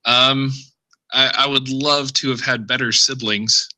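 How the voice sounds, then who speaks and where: A man's voice: mid-range voice, fairly even intonation, unhurried, pushed and bright, no room sound, rough recording. A man appearing as a guest author on a podcast, speaking in an easygoing, candid way. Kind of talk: casual podcast interview.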